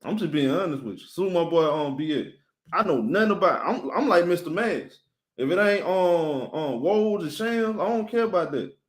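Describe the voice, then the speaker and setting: A man talks loosely and energetically, as if running his own live sports stream. His voice sits a little high for a man. He keeps turning to address his viewers directly. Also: moderate pace. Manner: animated, talks straight to chat viewers, shouting them out.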